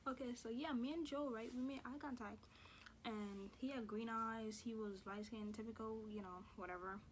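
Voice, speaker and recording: A young woman tells a school story in a sassy, slang-filled, heavily profane style. Her voice sits a bit high for a woman, and a faint hiss runs under the recording. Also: steady tone, normal speed. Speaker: vlogger. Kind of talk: casual storytime.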